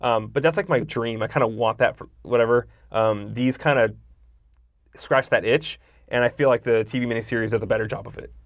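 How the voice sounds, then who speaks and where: A quick, rapid-fire man in casual movie talk, opinionated and loose with swearing. He keeps slipping into characters' lines to make his point. His voice sounds close and dry, with no room around it. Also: mid-range voice, dry recording. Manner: often acts out characters' lines. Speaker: podcast co-host. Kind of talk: casual movie review chat.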